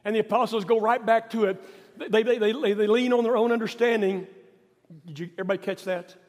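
A male pastor preaching a sermon in an emphatic, repetitive way, rising to stress points and then dropping quiet. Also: high-pitched, fairly even intonation, fairly quick, in a large hall.

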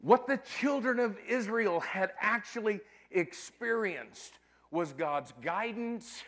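A man's voice: sits high, slow pace, fairly bright tone. A man preaching a sermon, emphatic, often calling out to his congregation.

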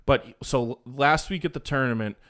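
A man co-hosting a casual sports podcast, rambling and animated, with restarts and mocking asides. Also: medium pitch, normal speed. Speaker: podcast co-host.

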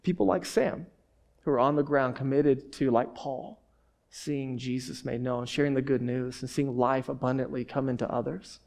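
A male pastor giving a sermon in an animated, conversational storytelling manner, dropping in frequent "like"s. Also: medium pitch, moderate pace, creaky.

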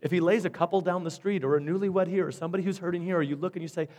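A man's voice: high voice, fairly even intonation, racing, darkish tone. A male pastor preaching a sermon, stressing and repeating his key points. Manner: emphatic, repeats key phrases.

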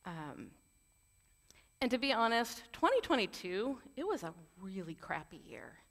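A woman preaching with earnest, conversational warmth, dropping candid personal asides between points. Her voice sits a little high, and a long reverb trails each phrase as if she is in a large church hall. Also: big pitch swings, a little slow. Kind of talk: sermon.

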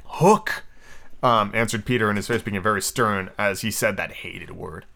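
A man's voice: on the low side, steady tone, fairly quick, gravelly, bright, forceful tone, slight background noise. A man hosting a podcast, reading a classic children's novel aloud in a casual way, with small slips, asides and page numbers called out. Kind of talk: casual storybook read-aloud.

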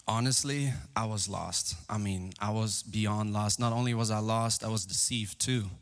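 Earnest young man giving testimony, low voice. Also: steady tone, moderate pace. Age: 20s. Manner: earnest, candid storytelling. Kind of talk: personal testimony. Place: church, live.

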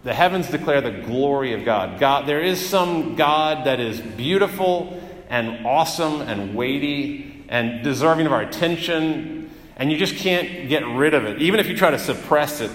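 A man's voice: mid-range voice, expressive, normal speed. A male pastor giving a sermon in an earnest, emphatic way, often repeating phrases. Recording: echoey hall with long reverb.

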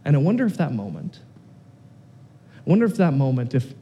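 A man preaching a sermon as pastor, animated and swinging between loud excitement and quiet, earnest intensity. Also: a little high, normal speed, pauses often, slightly rough, big-room sound.

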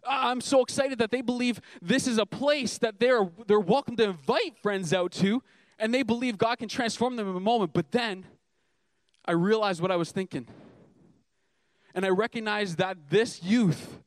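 A man's voice: high-pitched, moderate pace, no echo. A young man preaching a sermon as a youth pastor, earnest and emphatic, asking the congregation rhetorical questions.

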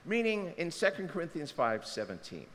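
A man preaching a conversational sermon as pastor, acting out the people he quotes. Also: normal speed. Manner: conversational, acts out quotes with lively pitch swings. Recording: reverberant hall, faint background noise.

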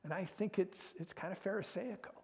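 A pastor delivers an earnest, conversational sermon, his voice sitting a little high for a man and carrying a gravelly edge. He often sinks into hushed, half-whispered passages. A long reverb trails after every phrase. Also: a little fast.

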